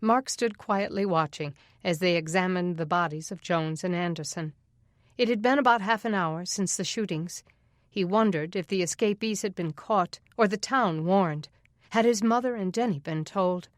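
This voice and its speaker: A woman narrates a suspense novel as an audiobook at a normal pace, raising her pitch to voice the characters' dialogue. The recording is clean studio sound with no room ambience.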